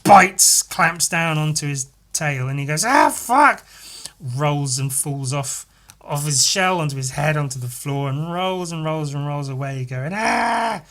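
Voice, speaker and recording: A man hosting a casual solo podcast, swearing freely and telling a story panel by panel in an animated way. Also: fairly high pitch, measured pace. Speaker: podcast host.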